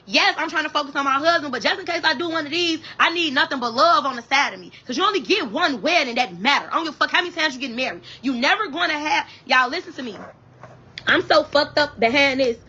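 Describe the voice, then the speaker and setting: A woman telling her own wedding story to viewers on a livestream from her bed. She is animated and profane, keeps calling her viewers y'all, and speaks. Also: high-pitched, quick pace, dull audio. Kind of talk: casual storytelling to a live audience. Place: at home in bed.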